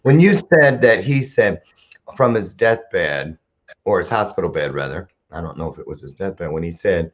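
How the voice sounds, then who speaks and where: A man hosting an interview, chatty and affirming, with quick reactions to his guest. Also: low-pitched, animated, lo-fi sound. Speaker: host.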